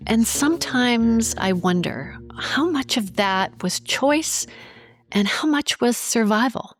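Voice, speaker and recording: A woman hosting a podcast, reading reflective narration and asking measured questions. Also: on the high side, lively intonation, faint music behind. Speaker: podcast host.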